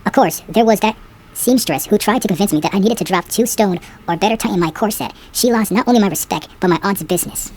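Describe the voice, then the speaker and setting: A woman reads a novel aloud at an ordinary middle pitch, stopping often for loose, slangy comic asides. She talks casually and jokes her way between passages. A faint noise sits behind her voice. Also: quick pace, darkish tone. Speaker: reaction channel host reading a novel aloud.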